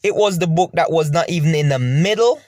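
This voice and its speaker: Speaking fairly quickly in an expressive, fairly high-pitched voice with a darkish tone, a man from Jamaica recounts his painful personal story directly to the viewer. He is emotional and repetitive, and the studio-quality recording has no room sound.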